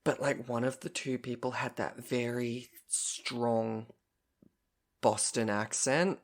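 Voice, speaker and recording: A male podcast co-host tells a story in a chatty, casual way, swearing freely and acting out what people said. His mid-range voice stays steady, and he speaks slowly.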